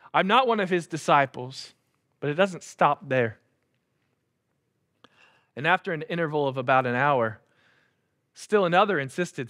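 A man's voice: fairly high pitch, fairly bright tone. A man preaching a sermon in a casual, conversational way, acting out the quotes. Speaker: pastor. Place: church.

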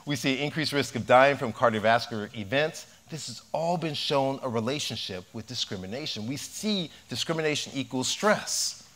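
A man who is a cardiologist giving a health lecture, animated and telling humorous stories. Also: medium pitch, normal speed.

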